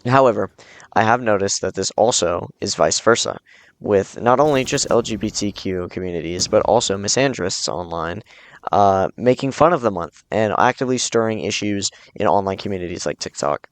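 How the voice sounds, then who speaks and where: A man's voice: fairly low pitch, moderate pace, dry recording. A man talking earnestly to camera in casual commentary, often restarting his sentences with uh and um. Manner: earnest, with frequent fillers and restarts. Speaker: video commentator.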